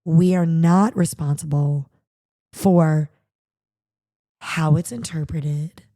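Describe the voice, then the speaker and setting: A woman's voice: sits low, slow pace. A woman hosting a podcast, chatting casually and animatedly, acting out quotes as she tells stories. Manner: animated, storytelling with acted-out quotes. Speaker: podcast host; charity podcast co-host. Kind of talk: casual chat.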